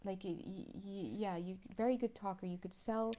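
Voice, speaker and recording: A woman's voice: mid-range voice, fairly even intonation, normal speed, mellow. A woman giving a pick-a-card tarot reading, chatty and playful, laughing often and sounding a little tired. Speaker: tarot reader.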